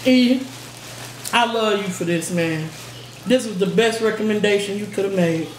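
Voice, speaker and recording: A woman's voice: medium pitch, normal speed. A young woman hosting a mukbang vlog, chatting playfully and laughing while she eats. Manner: playful, laughing, says "period" often. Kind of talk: casual chat while eating. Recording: echoey room with background noise.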